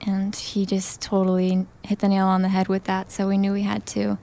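A woman's voice: mid-range voice, completely flat delivery, moderate pace, vocal fry, dark tone. A young woman, a singer, talking as a guest in a casual interview, gushing and enthusiastic. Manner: enthusiastic, gushing, laughs often.

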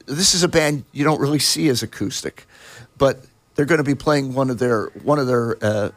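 A man's voice: mid-range voice, normal speed, no echo. A man who is a guest on a radio show, chatting casually and eagerly sharing music trivia. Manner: enthusiastic trivia-sharer. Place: radio studio.

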